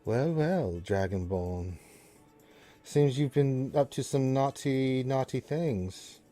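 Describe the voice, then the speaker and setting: A silver-haired elven priestess speaks in a hushed, drawn-out voice, knowing and faintly teasing, as a male game master puts her on. The tone is dark and mellow, with faint music underneath. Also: mid-range voice, close to an everyday voice. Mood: sly, hushed. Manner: slow, hushed, sly and drawn out.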